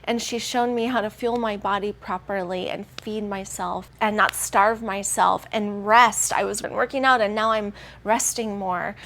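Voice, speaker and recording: A woman's voice: mid-range voice, steady tone, normal speed, hardly any pauses, a bit bright, a little hiss or hum. A woman in her forties with a Southern American accent, telling her personal fitness story in an earnest, emotional testimonial. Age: 40s. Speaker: gym client giving a testimonial. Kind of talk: testimonial interview.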